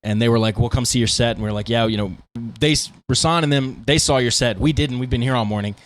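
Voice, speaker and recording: A man co-hosting a podcast, telling stories in casual, rambling chat with lots of fillers. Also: medium pitch. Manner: fast, rambling storytelling with fillers. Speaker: podcast co-host, band guitarist.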